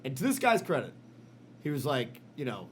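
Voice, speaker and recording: Animated, profane man telling a story. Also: medium pitch, normal speed, slight background noise. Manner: animated, profane, lots of fillers. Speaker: podcast co-host. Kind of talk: casual storytelling chat.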